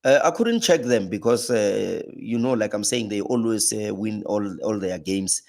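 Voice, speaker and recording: A man with a South African accent, talking football as a guest in a casual chat. His voice leaps high when he gets animated. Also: moderate pace, creaky. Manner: animated, pitch jumps high when laughing or exclaiming, frequent restarts.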